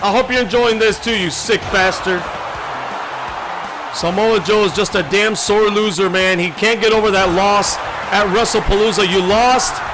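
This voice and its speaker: High-voiced hyped man calling wrestling. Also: fairly even intonation, normal speed. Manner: hyped, loud, shouting calls. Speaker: play-by-play commentator. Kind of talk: excited wrestling video game commentary. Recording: game music and crowd noise loud behind. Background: video game crowd and music.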